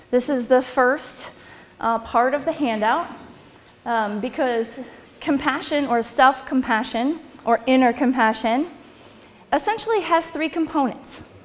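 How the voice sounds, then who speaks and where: A woman presenting to a live audience in a conversational lecture style, chuckling and putting questions to the listeners. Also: on the high side. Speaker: workshop presenter. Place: hall or meeting room with an audience. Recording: long hall reverb.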